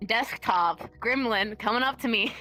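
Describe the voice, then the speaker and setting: A woman's voice: on the high side, moderate pace, sharp tone, soft background music. A young adult woman, a guest dancer, chatting candidly in an interview, laughing often and swearing casually.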